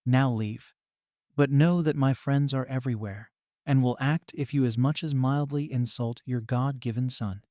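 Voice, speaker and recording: A man's voice: mid-range voice, moderate pace, warm tone, dry recording, lightly acted. A man voicing a bold young girl who coldly threatens an adult, in a dry, close sound. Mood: defiant. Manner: cold, defiant, threatening.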